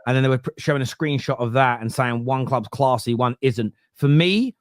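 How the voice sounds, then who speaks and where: A man's voice: mid-range voice, moderate pace, no room sound, clean studio sound. A man on a football podcast panel, arguing earnestly and emphatically, often restarting his sentences. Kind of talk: casual football debate.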